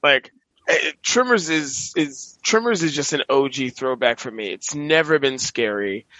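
Bright-voiced excitable man co-host. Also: mid-range voice, measured pace, no echo. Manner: excitable, rambling, laughs a lot. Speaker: podcast co-host. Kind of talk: casual chat about movies.

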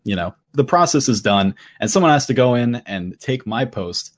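A man's voice: mid-range voice, big pitch swings, normal speed. A man co-hosting a podcast, telling a long story in casual chat, often breaking into laughter. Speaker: podcast co-host.

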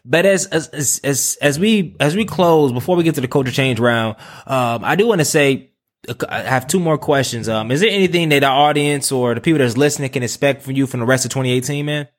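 A man's voice: mid-range voice, fairly quick. A man hosting a casual podcast, eager and friendly, stumbling over repeated words and calling his guest "man". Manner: eager, stammering restarts, calls guest "man" and "bruh". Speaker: podcast host.

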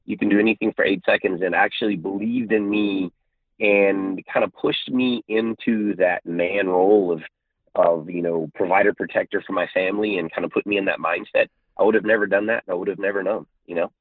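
Deep-voiced man on a tinny phone line. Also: steady tone, normal speed, no echo. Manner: earnest, polite, chuckles while storytelling. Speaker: guest, martial arts champion. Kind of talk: casual interview chat.

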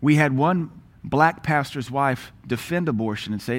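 A man's voice: medium pitch, expressive, moderate pace. A man with an American accent preaching a sermon, who tells stories in a blunt, scornful way. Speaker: pastor.

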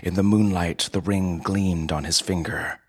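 Deep husky male story narrator. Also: fairly even intonation, unhurried.

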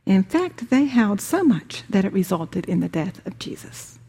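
A woman teaching a spiritual workshop, speaking deliberately with emphatic repetition. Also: medium pitch, lively intonation, creaky, a little mellow, husky.

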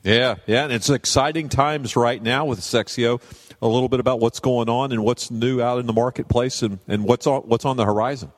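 A man's voice: medium pitch, fairly even intonation, fairly quick. Upbeat male podcast host. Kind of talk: casual interview.

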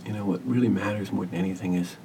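A man who works as a hospice caregiver, telling a story as a podcast guest in an earnest, gentle, measured way. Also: sits low, steady tone, far from the mic, background noise. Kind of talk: reflective storytelling interview.

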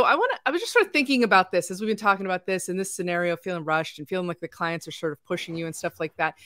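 A woman's voice: medium pitch, fairly bright tone, no room sound, studio quality. A woman hosting a podcast, talking in a direct, coaching way in a casual chat. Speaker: podcast host.

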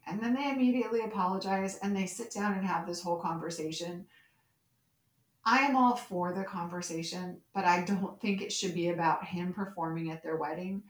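A woman with a slightly low voice, chatting casually as a podcast co-host. She retells scenes with animation and quotes the characters as she goes. Her voice carries a roomy echo. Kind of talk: casual chat recapping a soap opera.

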